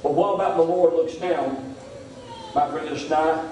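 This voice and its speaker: A man preaches a revival sermon in a church, his high voice rising and falling as he leans on "my friend" again and again. The sound carries a strong, roomy echo from the hall. The mic sits well away from him. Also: steady tone, a little slow, recorded from a distance, noisy background. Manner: preaching, repeats "my friend" often. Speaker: pastor. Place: church sanctuary. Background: congregation amens.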